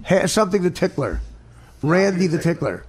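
A man's voice: high voice, big pitch swings, moderate pace, crowd noise. A man hosting a casual comedy talk show, teasing and mocking his guest with profane banter. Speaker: host.

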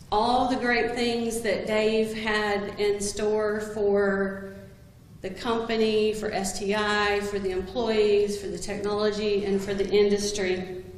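This is a eulogy for a longtime coworker, given by a woman who fills it with humorous anecdotes about him. She has a medium-pitched voice. The recording carries a little hiss or hum and the long reverb of a very echoey hall.

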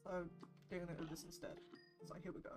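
A woman streaming a video game, chatting casually, gushing excitedly and swearing now and then. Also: fairly low pitch, fairly quick. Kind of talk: casual gameplay stream chat. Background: game music.

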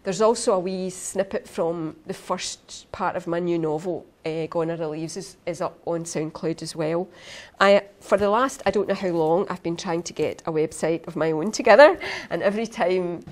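Chatty Scottish woman, low-pitched. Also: normal speed, darkish tone. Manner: chatty, informal, with many fillers and restarts. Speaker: author giving a talk to teachers. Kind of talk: conference talk.

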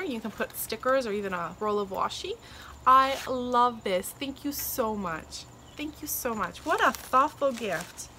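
A woman's voice: fairly high pitch, sharp tone. A woman in her thirties from Canada, gushing with delight as she unboxes craft gifts in a casual vlog, outdoors in the sun. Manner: gushing, delighted, many thank-yous. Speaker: crafting vlogger. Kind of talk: casual happy-mail unboxing. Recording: noisy outdoor ambience with insects.

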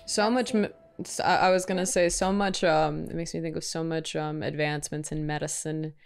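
A woman making casual reaction commentary on a film, chatty and quick to exclaim. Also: deep voice, fairly even intonation, gravelly, faint music behind. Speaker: movie reaction YouTuber.

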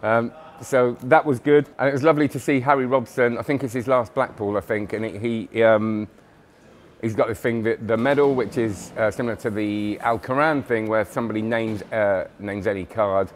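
A man's voice: mid-range voice, fairly even intonation, moderate pace, slight background noise. A tired man chatting casually in a vlog about magic products, rambling and enthusiastic with lots of fillers and restarts. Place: magic convention hotel.

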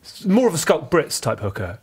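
A man's voice: a little high, sing-song, a little fast, a little mellow, husky. A man hosting a podcast, posh-sounding and wry, teasing his guests and steering the chat. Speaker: podcast host. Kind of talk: hosting casual podcast banter.

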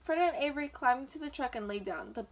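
A woman's voice: high-pitched, very animated, quick pace. Woman reading a children's book aloud. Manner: gentle, with small slips and restarts.

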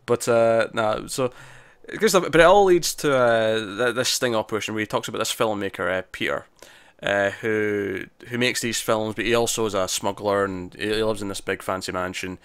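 A man's voice: lowish voice, moderate pace, fairly bright tone, smooth, no room sound. A man co-hosting a podcast, recapping a TV episode in casual chat, rambling with restarts and acted-out quotes. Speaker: podcast co-host.

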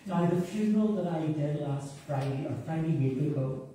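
A man's voice: fairly high pitch, moderate pace. A middle-aged man with a Northern Irish accent, a pastor telling humorous family stories in a sermon. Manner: warm anecdotal, humorous asides. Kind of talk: storytelling sermon. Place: church hall. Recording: echoey church from far off, faint noise.

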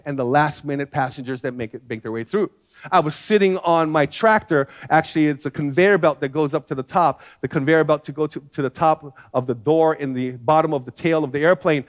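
A male pastor delivers a sermon in a church service, his voice sitting notably high for a man. He preaches conversationally, slipping easily into personal stories.

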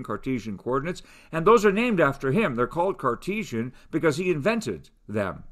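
A man's voice: medium pitch, fairly bright tone. A middle-aged man, a philosophy professor, lecturing over a video call in a conversational way with many fillers and restarts. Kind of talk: online lecture.

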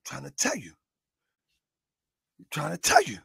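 This is a middle-aged man delivering fiery online commentary, his voice pitched high and full of gravel. He swings widely in tone as he shouts and laughs through his points. He takes his time over the words. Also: measured pace, no room sound, studio quality. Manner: yells often and gets excited; laughs between phrases.

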